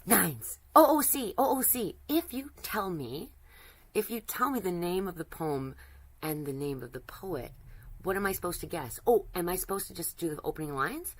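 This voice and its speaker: A woman's voice: on the low side, lively intonation, normal speed. A woman livestreaming, chatting flirtily with a chatbot, rambling and restarting her sentences. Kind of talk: casual chat with a chatbot while drawing.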